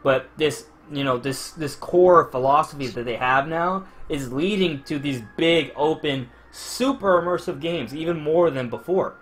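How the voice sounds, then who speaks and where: A man's voice: on the high side, a little slow, few pauses, a bit bright. A man hosting a casual podcast discussion, talking at length in a rambling way with frequent restarts. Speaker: podcast host.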